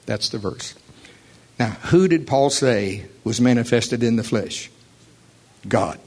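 A man's voice: mid-range voice, unhurried, a little mellow, husky. Earnest man teaching a Bible lesson. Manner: earnest, emphatic, reads scripture aloud.

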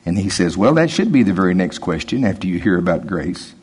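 A male preacher giving a sermon, talking in a conversational, emphatic way and dropping his voice low when he quotes. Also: very animated, a little fast, a little mellow, husky.

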